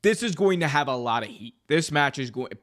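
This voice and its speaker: A man co-hosting a casual wrestling preview podcast, animated and jokey. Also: on the high side, brisk. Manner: animated, jokey, puts on mock accents. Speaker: podcast co-host.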